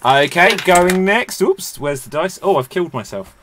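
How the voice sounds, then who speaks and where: Male host for live improv, animated pitch, bright tone, faint room hum behind. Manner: lively, jokey, quick to laugh at himself. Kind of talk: live online improv comedy.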